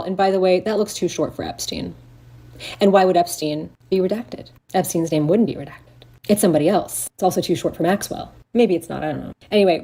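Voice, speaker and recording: A podcast co-host with a fairly low, darkish voice reads a redacted report aloud on a talk show. She keeps breaking off for sarcastic, indignant commentary and swearing.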